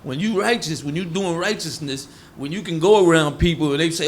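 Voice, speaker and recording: A man's voice: on the high side, a little fast, hardly any pauses, slight background noise. A man preaching a sermon on proverbs in a folksy, colloquial way, acting out everyday quotes.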